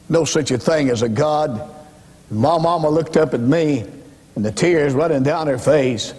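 A man's voice: on the high side, darkish tone. An older man preaching his life story as an evangelist, in a folksy storytelling manner. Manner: folksy storytelling, rising to impassioned cries. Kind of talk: testimony sermon. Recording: reverberant hall recording.

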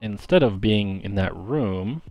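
A man giving quiet, musing game commentary as a let's player. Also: lowish voice, lively intonation, a little slow, no echo, faint music behind.

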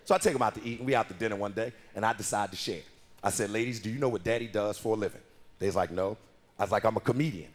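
A male stand-up comedian in his thirties telling profane, animated stories about his daughters on a club stage. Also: lowish voice, racing. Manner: profane, animated storytelling with voices.

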